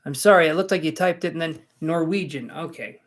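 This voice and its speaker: Chatty guy doing live tarot readings, kinda high voice, rambles and jokes about himself. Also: a little fast. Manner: rambling, self-mocking, chatty. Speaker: tarot reader.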